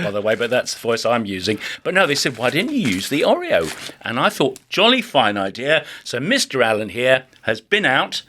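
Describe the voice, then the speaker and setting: A man's voice: medium pitch, pushed and bright, a little hiss or hum. A man co-hosting a comic biscuit-tasting chat, jokey and theatrical. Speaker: co-host.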